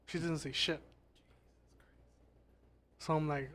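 A man's voice: fairly high pitch, fairly even intonation, moderate pace, long pauses, fairly bright tone. A man telling a ghost story in casual, rambling podcast chat, swearing often and restarting his sentences. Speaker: podcast guest.

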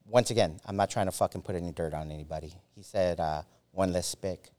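A man in his forties with a fairly low voice tells a story as a podcast guest. He talks in a casual, halting way, swearing often and restarting his sentences, with plenty of fillers. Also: fairly even intonation, a little mellow, smooth. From United States. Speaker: former Army Ranger.

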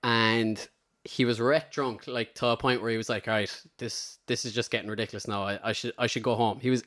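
An Irish man hosts a podcast, his mid-range voice steady, fairly quick and a bit bright. He casually rambles through a long anecdote, taking on the voices of the people he describes.

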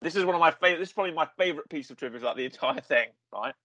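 A man's voice: on the high side, animated, racing, pushed and bright, no room sound, highs cut off. A man co-hosting a casual film-review podcast. He talks enthusiastically and rambles, with many restarts. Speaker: podcast co-host.

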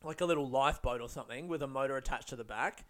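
A man's voice: medium pitch, rapid-fire, a bit bright. A young man telling a rambling, swear-filled story, full of fillers and laughs. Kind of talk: casual storytelling.

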